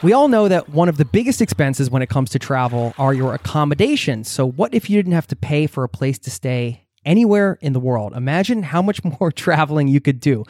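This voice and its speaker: A man hosting a travel podcast, talking in a relaxed, chatty way and laughing easily. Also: a little high, brisk, hardly any pauses, dry recording. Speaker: podcast host. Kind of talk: casual podcast interview. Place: home in Norway.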